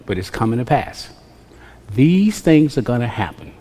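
A man's voice: medium pitch, big pitch swings, normal speed. Man preaching in an echoing hall. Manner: dynamic, swings from quiet to loud, repetitive refrains. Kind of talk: sermon. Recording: long reverb of a large hall.

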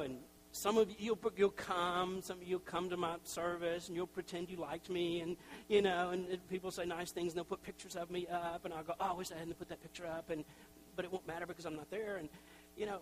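A middle-aged pastor from Tennessee delivers a sermon loosely and conversationally, sprinkling in self-deprecating asides and small acted-out quotes. His voice is a bit high for a man, and the low-quality recording carries a faint hum underneath.

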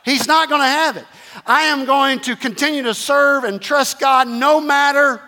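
A man's voice: very high voice, steady tone, moderate pace, bright, forceful tone, big-room sound. A man preaching a sermon, repeating phrases emphatically and calling the congregation to respond. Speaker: pastor.

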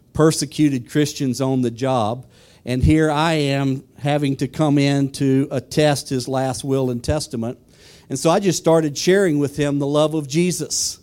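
A male preacher with a mellow, warm voice. He puts questions to the congregation and moves into a personal story. He speaks at a middle pitch in the manner of a church sermon. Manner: asks the congregation questions, then tells a story.

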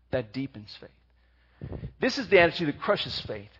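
A man preaching a sermon, reading scripture slowly and then speaking with rising energy. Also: on the high side, very animated, a bit bright, slightly rough, lo-fi sound. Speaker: pastor.

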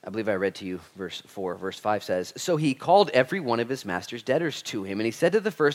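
A man in his thirties, a pastor preaching a Bible study sermon with lively acted-out quotes and humor. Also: on the low side, fast, hardly any pauses.

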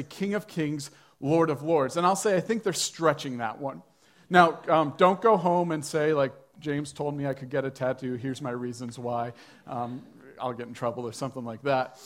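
A male pastor with a fairly high-pitched voice tells a story to his church congregation during a sermon, keeping it conversational with touches of light humor.

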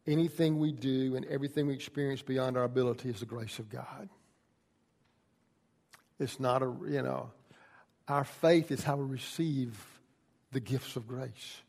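A man preaching a sermon, shifting from quiet, folksy storytelling to loud, impassioned pleading. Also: medium pitch, fairly even intonation, normal speed, creaky, long pauses, big-room sound. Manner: builds from quiet teaching to shouted pleading. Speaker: pastor.

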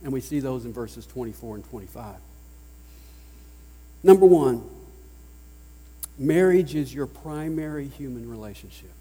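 A man with a Southern US accent preaching a sermon as pastor, emphatic, swinging between loud declarations and hushed lines. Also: medium pitch, animated, unhurried, long pauses, husky. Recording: long reverb of a large hall.

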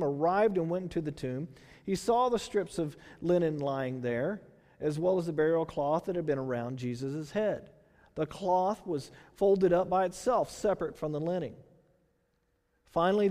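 A man from Texas with a Texan accent preaching a sermon, conversational and animated, full of rhetorical questions. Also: a little high. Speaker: pastor. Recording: long hall reverb.

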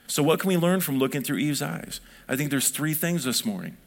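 A man's voice: fairly high pitch, lively intonation, a little fast, vocal fry, hardly any pauses. A middle-aged man preaching a sermon in a conversational way, building up to emphatic peaks. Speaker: pastor.

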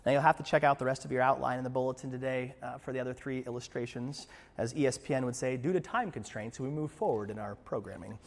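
A man pastor preaching a sermon in a church, moving between hushed passages and emphatic ones, with playful asides to the congregation. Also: medium pitch, fast, creaky, big-room sound. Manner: passionate, swings from hushed to emphatic. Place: church sanctuary.

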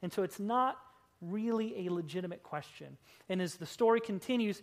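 A woman's voice: lowish voice, lively intonation. Emphatic woman preaching a sermon. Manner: emphatic, swinging between loud and hushed; slows down to stress key words. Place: church service.

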